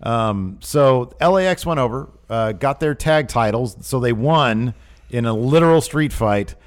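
A man's voice: medium pitch, expressive, unhurried. Man, casual podcast co-host, rambling and amused, lots of uhs. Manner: rambling, filler-heavy, amused. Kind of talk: casual wrestling news chat.

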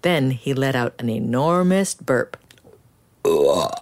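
A woman reading a children's picture book aloud in an expressive, animated storytelling style. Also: deep voice, measured pace.

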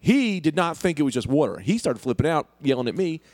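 A man telling a story in casual podcast chat, brash and animated. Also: fairly high pitch, fairly quick, dry recording. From New York. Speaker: podcast co-host.

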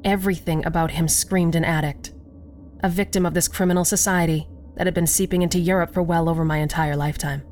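Casting: female horror narrator, lower voice, unhurried and measured, faint music underneath. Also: fairly even intonation, darkish tone. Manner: slow, measured storytelling. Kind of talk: scripted horror story narration.

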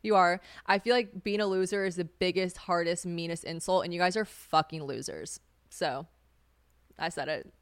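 This is a young woman from South Carolina chatting alone on her podcast, gossipy and full of attitude, laughing and cursing as she goes. Her voice sits slightly low and comes through smooth and clean. The recording is dry and close, with no room sound. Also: moderate pace, no echo. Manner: chatty, sassy, swears freely, laughs often. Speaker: podcast host. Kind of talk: casual solo chat.

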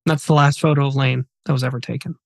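Mężczyzna, poważnie opowiadający historię, suchy dźwięk. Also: male voice, mid-range voice, level tone, fast, creaky, dry recording. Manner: earnest, somber retelling with quoted dialogue. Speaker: podcast host. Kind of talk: storytelling podcast narration.

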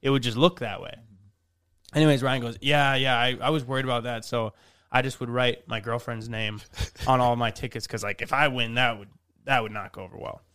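A man's voice: medium pitch, steady tone, fairly quick, fairly bright tone, smooth. A young man co-hosting a casual podcast, telling stories and laughing through them, crude and joking. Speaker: podcast host.

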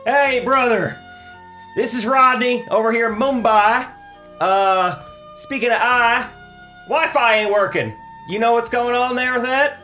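A man's voice: very high-pitched, a little slow, faint music behind, pitched above the performer's own voice, heavily acted. A man voicing a brash, bossy Texas cowboy caller with a pushy drawl in an improvised comedy sketch. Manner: loud, pushy drawl, keeps saying "brother".

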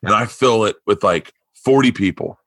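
Guy from florida hosting a podcast, bright voice, tells stories and does everyone's voices, dry sound. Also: fairly low pitch, moderate pace, no room sound. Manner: animated, acts out quoted voices. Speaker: podcast host. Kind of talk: casual storytelling chat.

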